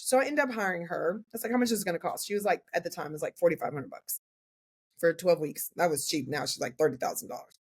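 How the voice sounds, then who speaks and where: A woman in her forties, a portrait photographer guesting on a podcast, telling her story in a candid, animated way. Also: on the low side, fast, slightly rough. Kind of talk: casual interview chat.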